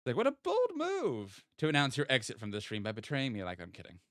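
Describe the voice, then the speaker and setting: A man's voice: medium pitch, huge pitch swings, brisk, fairly bright tone, dry recording, clean studio sound. A man streaming a geography guessing game, thinking aloud and playfully teasing his chat as he goes. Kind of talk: casual live-stream game commentary.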